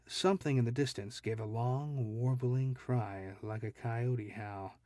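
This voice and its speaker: A man reading his own fantasy story aloud at a slow, deliberate pace. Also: medium pitch, warm tone, no echo, clean studio sound. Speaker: audiobook narrator and author. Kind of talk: scripted fiction narration.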